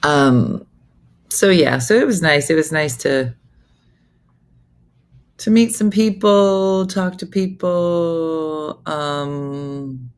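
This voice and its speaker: A woman comedian hosting a morning show, telling a chatty, animated story with frequent asides. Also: low-pitched, extremely slow, long pauses, clean tone. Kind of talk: casual comic storytelling.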